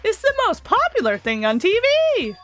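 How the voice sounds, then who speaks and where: A woman's voice: very high voice, huge pitch swings, normal speed, a bit bright, soft background music, full character voice. A woman voicing a gleeful, crude male robot bear mastermind who cackles and taunts in a video game. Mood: mocking.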